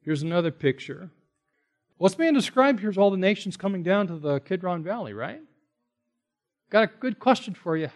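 A man preaching a sermon. He is animated, rising to emphatic when quoting God, and breaks off into conversational asides and rhetorical questions. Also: high-pitched.

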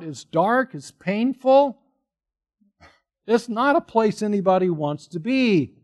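A man preaching a sermon, explaining scripture in an earnest teaching manner with pointed questions to listeners. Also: sits high. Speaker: pastor.

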